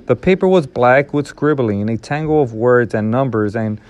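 A man reading a novel aloud in a steady, measured storytelling manner. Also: medium pitch, lo-fi sound. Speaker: reader.

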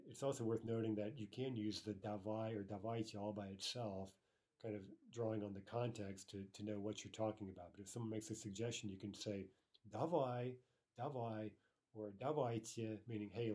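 A man's voice: lowish voice, dark tone, husky. A man teaching a language lesson, patiently explaining grammar and repeating each example aloud.

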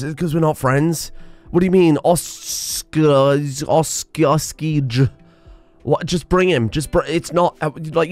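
A man commenting on his gameplay in a lively, sarcastic voice whose pitch swings widely. The sound is close and dry, with no room echo and faint music underneath. He sounds casual and irreverent, and he swears freely. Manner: animated, sarcastic, swears, frequent laughter. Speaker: gaming video creator.

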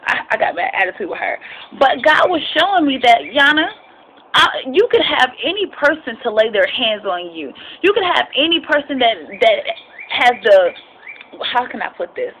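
A woman's voice: high voice, big pitch swings, normal speed, a bit bright, slight background noise, poor audio. A young adult woman giving an informal, impassioned devotional talk and personal testimony. She speaks expressively, rambles with restarts and drops in frequent amens. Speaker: Christian vlogger sharing a devotional.

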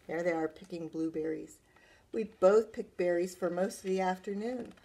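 Lower-voiced woman reading a storybook. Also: measured pace, vocal fry, dark tone. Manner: chatty asides to listeners. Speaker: librarian. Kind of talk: reading a picture book aloud to children.

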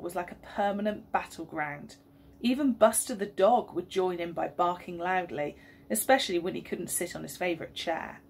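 A woman, a teacher reading a story aloud and leading school worship in a gentle, expressive way. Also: mid-range voice. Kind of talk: storybook reading and assembly talk.

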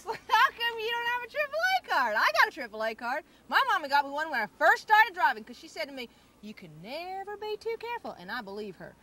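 A woman's voice: very high-pitched, big pitch swings, fast talker, sharp tone, a little hiss or hum, heavily acted. An actress playing a flighty, touchy young woman with a whiny, girlish voice and dramatic outbursts. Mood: chatty. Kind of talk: comedy sketch acting.

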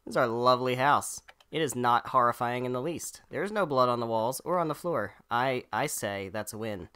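A man's voice: mid-range voice, normal speed, sharp tone, smooth. A man hosting a let's play, giving jokey, rambling, self-deprecating commentary while playing a video game. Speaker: gaming channel host.

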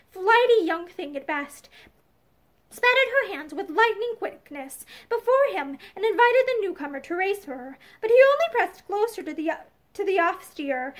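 A woman reading an old storybook aloud, unhurried, sometimes stopping to correct herself. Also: extremely high pitch. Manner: unhurried, with small restarts. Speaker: reader.

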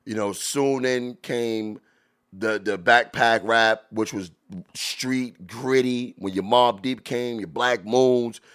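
A man hosting a podcast, reacting to old rap videos in loose, animated talk full of drawn-out exclamations. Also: mid-range voice, smooth. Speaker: podcast host. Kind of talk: casual commentary reacting to music videos.

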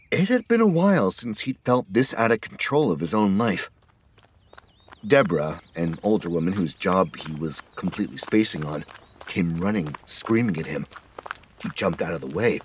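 Deep husky male narrator. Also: lively intonation, moderate pace. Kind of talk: scripted audiobook narration.

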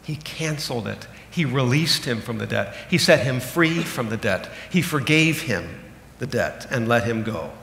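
A man in his thirties, a pastor preaching a sermon, animated and emphatic, dropping low and slow for key points. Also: creaky, a little hiss or hum. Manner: animated, swings between loud emphatic bursts and low slow asides. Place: church sanctuary. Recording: echoey hall with long reverb.

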